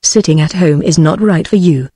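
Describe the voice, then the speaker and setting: A synthetic woman's voice reading the lines of a stern, insistent male doctor in a storybook, even and measured. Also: sits low, breathy edge, no echo, clean studio sound.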